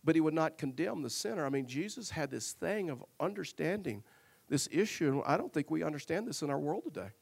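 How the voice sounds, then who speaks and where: A man's voice: on the high side, animated, a little fast, creaky, slightly rough. A male pastor preaching a sermon, telling a personal story earnestly and with humor, often repeating words as he goes.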